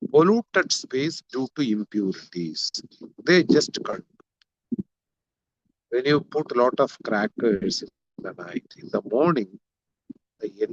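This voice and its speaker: A man's voice: mid-range voice, no echo, dull audio. A man teaching a scripture class, glossing Sanskrit terms one by one and repeating points for emphasis. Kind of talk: lecture explaining a Sanskrit text.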